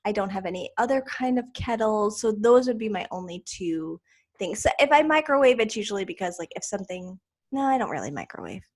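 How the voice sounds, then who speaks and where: A woman's voice: medium pitch, a little fast. A woman co-hosting a podcast in casual chat, telling everyday stories in a chatty way. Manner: chatty storyteller, lively retelling. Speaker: podcast co-host.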